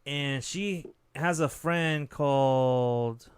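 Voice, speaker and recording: A man's voice: medium pitch, very slow, clean tone. A man co-hosting a podcast, retelling a horror movie plot in a casual, profane way with lots of fillers. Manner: profane, loose storytelling with many fillers. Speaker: podcast co-host.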